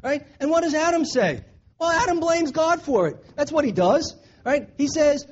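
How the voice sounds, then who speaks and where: A man's voice: extremely high pitch, lively intonation, moderate pace. A man preaching a sermon in an earnest way, repeating his points for emphasis. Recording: dull lo-fi recording.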